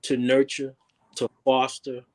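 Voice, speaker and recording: A man's voice: medium pitch, monotone, a little slow. Earnest male relationship coach. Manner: earnest, repeats words while thinking. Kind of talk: interview guest, casual talk.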